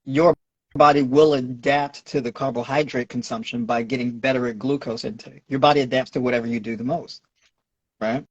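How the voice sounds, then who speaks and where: A man's voice: medium pitch, fairly even intonation, fairly quick, no echo, dull audio. A man with a New York accent, a nutrition and fitness coach, explaining at length in a lecturing way and checking in with "right?". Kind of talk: explaining in a podcast Q&A.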